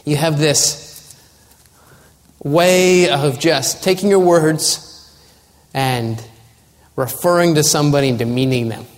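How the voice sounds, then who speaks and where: A man's voice: on the high side, slow, long pauses. A man preaching a sermon as pastor, earnest and building to urgent warnings. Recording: long hall reverb.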